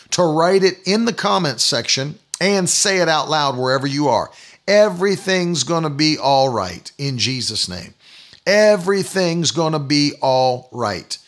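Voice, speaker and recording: A man's voice: fairly high pitch, lively intonation, moderate pace, fairly bright tone. A man preaching an online sermon broadcast, making fervent, repeated declarations of faith.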